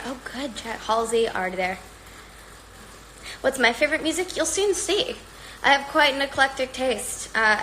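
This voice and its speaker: A chatty woman with a fairly high voice, talking casually to her viewers on a livestream. She rambles in an upbeat way and sounds slightly out of breath from exercising. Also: fairly bright tone, a little hiss or hum, low-quality recording. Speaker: livestream host. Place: at home.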